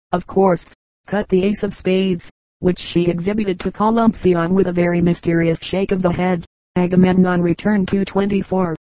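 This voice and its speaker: A woman reading an audiobook as scripted narration, in an even, unhurried manner. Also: lowish voice, no echo, rough recording. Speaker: audiobook reader.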